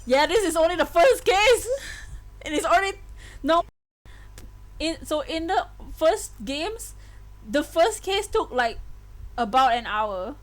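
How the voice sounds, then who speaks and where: A woman's voice: very high-pitched, animated, slow pace, pauses often. A woman streaming a game live, chatting and giggling through her reactions. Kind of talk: live gameplay commentary.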